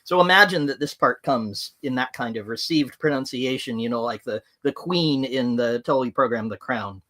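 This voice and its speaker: A man's voice: mid-range voice, normal speed, pushed and bright. A man hosting a livestream, talking in a chatty, rambling way with lots of fillers. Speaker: livestream host. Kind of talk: opinionated livestream talk.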